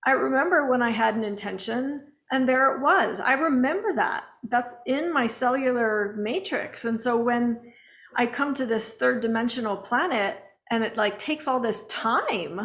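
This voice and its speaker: Gravelly higher-voiced woman co-host. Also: normal speed, a bit bright. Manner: enthusiastic, swears casually. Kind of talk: casual spiritual chat.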